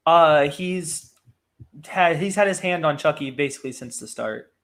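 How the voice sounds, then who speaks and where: A man co-hosting a casual react chat, excited and halting, with lots of fillers. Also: fairly high pitch. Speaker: co-host.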